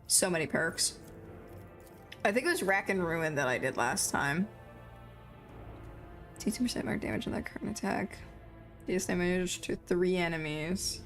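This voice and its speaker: Young woman, game streamer, casual mumbling chatter, faint music behind. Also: on the low side. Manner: self-described mumbler, chatty, muttering to herself. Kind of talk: casual live-stream chatter while playing.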